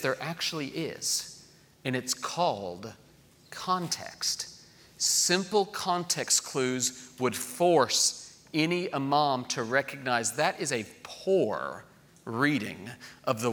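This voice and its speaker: A middle-aged man preaching a sermon in a lively way, acting out voices of children he quotes. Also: mid-range voice. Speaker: pastor.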